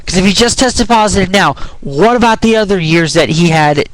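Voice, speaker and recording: A man's voice: sits high, fairly quick, dry recording, rough recording. A young man ranting in a frustrated, rambling way, restarting his sentences and swearing, his voice sometimes cracking. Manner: swears while arguing. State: voice cracks when pitch rises. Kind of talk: ranting opinion vlog.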